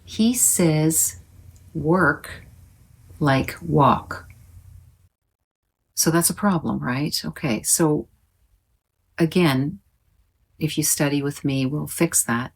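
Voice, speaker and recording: Low-voiced woman teaching pronunciation. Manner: clear, deliberate demonstrating of words. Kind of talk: online pronunciation lesson.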